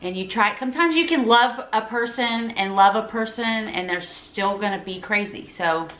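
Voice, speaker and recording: A woman guest in a casual chat with friends, talking in a lively way and laughing often. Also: mid-range voice, moderate pace, reverberant, poor audio.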